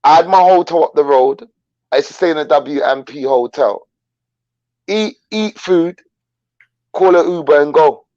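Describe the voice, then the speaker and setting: A man's voice: a little high, normal speed, pauses often, a little mellow, no echo, highs cut off. A man bluntly telling slangy stories in a casual live chat.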